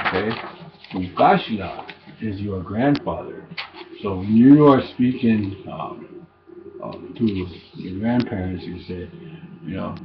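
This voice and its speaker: A man giving a casual language lesson, halting and repeating each word slowly for learners. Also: lowish voice. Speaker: language teacher. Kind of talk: informal recorded language lesson. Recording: dull lo-fi recording, faint noise.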